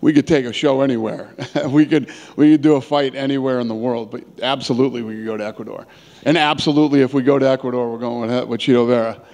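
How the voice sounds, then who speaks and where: A blunt, casual middle-aged man fields questions from reporters, stumbling and restarting his words as he goes. His mid-pitched voice rings out with a long reverb in a large room. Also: fairly even intonation, fast talker, darkish tone. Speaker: promoter answering press questions. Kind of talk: press conference answers.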